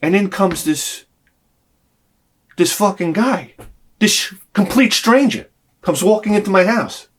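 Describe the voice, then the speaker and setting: Animated, profane man ranting. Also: high-pitched, slow pace, pauses often. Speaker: vlogger. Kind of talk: casual storytelling rant.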